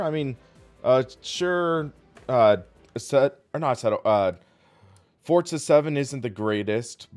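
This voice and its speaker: A man's voice: medium pitch, a little mellow. A man hosting a live sim racing stream, chatting casually and rambling as he plays and thanks viewers.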